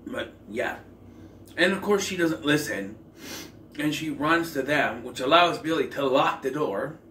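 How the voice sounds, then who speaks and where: Recorded from a distance in an echoey room with faint ambient noise, a man reviews films casually for his channel. His fairly high voice sounds pushed and bright, with lively intonation and a measured pace, and his rambling talk is full of fillers and self-corrections.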